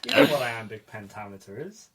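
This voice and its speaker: A man's voice: lowish voice, fairly quick. A man co-hosting a casual podcast, joking and mocking himself, with some swearing. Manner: jokey, self-mocking, swears. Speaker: podcast co-host. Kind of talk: casual chat. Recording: faint background noise.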